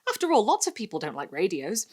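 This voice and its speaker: A woman's voice: medium pitch, huge pitch swings, quick pace, mellow, husky, voice pushed up. A woman voicing a timid suburban mother who is nervously polite and eager to agree.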